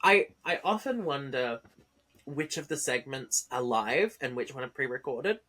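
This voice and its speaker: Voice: medium pitch, animated, unhurried, pushed and bright. A podcast co-host in casual chat about wrestling, making dry, brief remarks.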